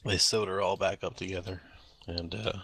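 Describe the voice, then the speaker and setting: A man's voice: sits low, steady tone, moderate pace, vocal fry, bright, forceful tone. A man chatting casually as a player in an online tabletop game, rambling on between turns. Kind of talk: casual chat over online voice chat.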